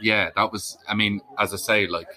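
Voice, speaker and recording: A man's voice: fairly low pitch, steady tone, normal speed, bright, forceful tone. A young man, chatting casually as a podcast guest, rambling with lots of restarts and asides. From Ireland. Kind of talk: casual chat.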